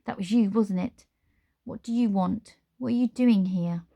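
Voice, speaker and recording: A woman's voice: medium pitch, unhurried, vocal fry, dark tone. A woman voicing a fierce, wary young girl in a storybook reading, with a growling, terse manner. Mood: tense.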